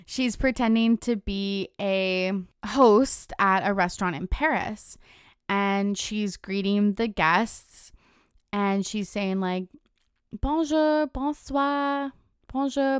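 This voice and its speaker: A woman's voice: medium pitch, clear, resonant tone, dry recording, studio quality. A young adult woman hosting a podcast in casual chat, laughing often and swearing freely. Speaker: podcast host.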